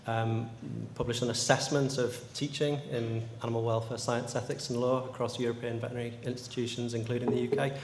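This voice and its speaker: Male panel moderator, measured and polite, long echo of a large hall, faint ambience. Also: medium pitch, flat delivery, background noise. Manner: measured, courteous, hesitant fillers. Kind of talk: chairing a panel discussion.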